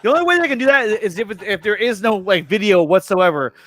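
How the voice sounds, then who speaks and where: Young male streamer-host, high-pitched and dry-miked, chatty, reads the chat aloud. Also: expressive, a bit bright, no echo. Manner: reads viewer messages aloud and thanks them, upbeat and chatty; quick laughs and frequent restarts. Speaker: host of a review and reaction show. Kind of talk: casual livestream chat.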